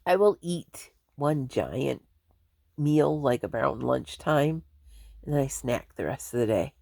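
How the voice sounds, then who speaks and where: A woman's voice: very deep voice, animated, takes it slowly, vocal fry, warm tone, no room sound, clean studio sound. A woman chatting casually to her viewers from home, rambling and laughing often. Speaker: vlogger. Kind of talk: casual chat to camera.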